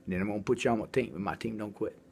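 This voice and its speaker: A man's voice: fairly low pitch, rapid-fire, gravelly, a little mellow, slight background noise. A man who calls himself an artist and writer, talking in a rambling, blunt and profane monologue straight to the camera. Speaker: self-described artist and writer.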